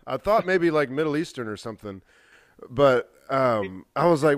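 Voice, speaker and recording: In a dry, clean studio recording, a young adult co-host with a medium-pitched voice speaks at a moderate pace. He rambles through a long, profane story on the podcast, animatedly performing the dialogue he quotes.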